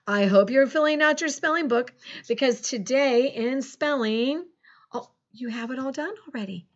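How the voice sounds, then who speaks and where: A woman's voice: on the high side, expressive, dull audio. Cheerful woman teacher spelling out words. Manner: upbeat, encouraging, spells words slowly letter by letter. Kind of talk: remote phonics lesson for children.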